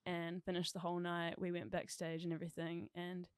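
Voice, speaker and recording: A young woman with a New Zealand accent, chatting excitedly as a podcast guest, laughing often and saying "like" a lot. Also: lowish voice, a little fast, clear, resonant tone, no echo, studio quality. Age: young adult. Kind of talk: casual chat.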